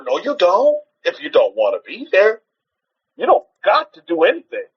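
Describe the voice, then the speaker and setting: A man's voice: high-pitched, big pitch swings, moderate pace, pauses often, husky, highs cut off. A man preaching in an informal teaching style on a livestream, exhorting his listeners, repeating rhetorical questions and often restarting his sentences.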